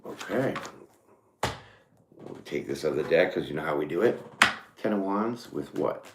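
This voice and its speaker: A man's voice: rumbling low, lively intonation, moderate pace, echoey room, background noise. Laughing, profane man reading tarot. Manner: profane, rambling storyteller who laughs often. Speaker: tarot reader; former mechanic. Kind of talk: casual live tarot reading.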